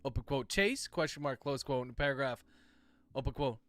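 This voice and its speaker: A man's voice: mid-range voice, flat delivery, a little fast, no room sound, faint music behind. A man who writes novels, dictating his book aloud with the punctuation spoken and chatting casually with livestream viewers, swearing freely. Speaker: author and livestream host.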